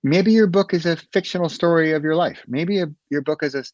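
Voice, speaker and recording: A man's voice: fairly high pitch, fairly quick, a little mellow, no room sound, dull audio. A man who is a guest on a podcast, talking casually and animatedly about writing, often laughing and acting out little conversations.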